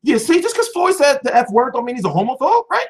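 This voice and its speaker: A man's voice: extremely high pitch, big pitch swings, quick pace, breathy edge. A young man hosting a boxing channel, answering viewers in a heated, profane livestream chat.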